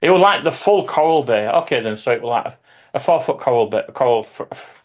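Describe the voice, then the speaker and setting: A man, a hobby YouTuber, telling lively anecdotes in casual chat with some swearing. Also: medium pitch, fast.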